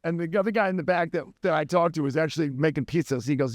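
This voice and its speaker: A man's voice: fairly high pitch, quick pace, no room sound, studio quality. A man hosting a comedy podcast, telling rambling anecdotes in casual chat.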